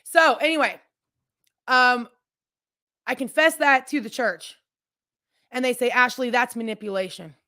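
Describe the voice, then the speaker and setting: Woman podcast host, slightly high voice, candid and rambling, talks straight to her listeners. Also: slow, long pauses, bright, forceful tone. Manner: candid, chatty, addresses listeners directly; rambling with frequent restarts and asides. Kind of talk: personal storytelling, casual chat.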